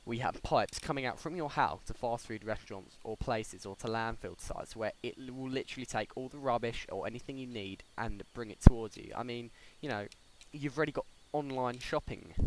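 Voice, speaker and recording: Young man, casual podcast chat, rambling, mid-pitched voice, faint hiss behind. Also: brisk. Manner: rambling, many fillers and restarts. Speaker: podcast host. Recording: faint background noise.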